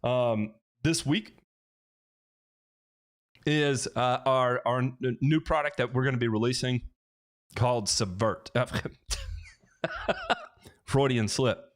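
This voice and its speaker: A man's voice: mid-range voice, slow pace, pauses often. A man hosting a casual lawn care livestream Q&A, rambling with frequent restarts and joking asides. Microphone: headphones with mic.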